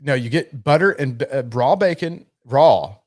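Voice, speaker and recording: A man of middling pitch whose voice leaps up and down as he talks, laughing often and swearing freely. He co-hosts a podcast in loose, casual chat, recorded on a studio mic. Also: unhurried. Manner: animated, laughing, profane storyteller. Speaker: podcast co-host.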